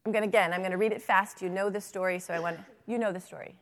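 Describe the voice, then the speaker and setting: A woman giving a lively workshop to teachers, reading picture books aloud and checking in often with her audience. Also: medium pitch, rapid-fire, in a large hall. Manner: animated, chatty, checks in with "right?". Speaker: literacy workshop presenter for teachers.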